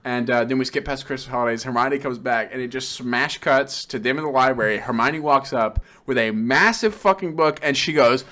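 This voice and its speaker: A young man co-hosting a podcast, chatting casually about a film, excitable and profane, laughing as he retells scenes. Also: mid-range voice, fairly quick, hardly any pauses, slight background noise. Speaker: podcast co-host. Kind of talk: casual film review chat.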